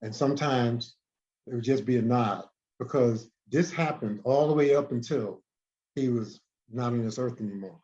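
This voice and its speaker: A man, a guest in an interview, telling a story in an animated way, often repeating and restarting words. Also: mid-range voice, moderate pace. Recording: dull lo-fi recording.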